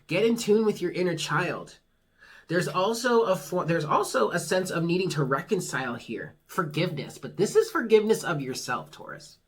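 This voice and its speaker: Husky, frank tarot reader giving pep talks. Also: medium pitch, expressive, moderate pace. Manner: frank, swears casually, reassuring and pep-talking; laughs at own jokes. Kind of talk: casual monthly tarot reading to camera.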